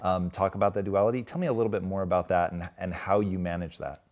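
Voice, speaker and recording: A man hosting an interview, asking questions in a measured, thoughtful way. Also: sits low, steady tone, dull audio. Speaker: interview host.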